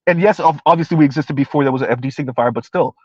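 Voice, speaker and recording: A man's voice: mid-range voice, very fast, no room sound. A man under forty giving casual live-stream commentary, emphatic and repetitive, ranting and laughing often. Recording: dry, slightly dull lo-fi sound.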